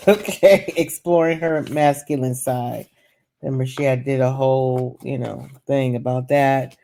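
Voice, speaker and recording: A woman's voice: rumbling low, fairly even intonation, unhurried, vocal fry, mellow, slight background noise. A woman giving chatty, gossipy commentary in a home vlog at night, full of fillers and fond asides. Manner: chatty and gossipy, with many fillers and endearments like "child" and "baby". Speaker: vlogger.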